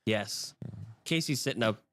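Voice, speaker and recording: A man with a low voice co-hosts a podcast set up in a cigar shop. He drops dry, deadpan wisecracks into relaxed banter. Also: unhurried, a little hiss or hum. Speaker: podcast co-host running the camera switching. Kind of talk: casual banter. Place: cigar shop used as a studio.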